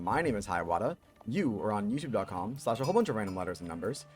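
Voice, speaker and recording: A man giving casual, chatty commentary on a strategy video game as its caster, with joking asides and lively emphasis. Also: fairly low pitch, quick pace, hardly any pauses, faint music behind.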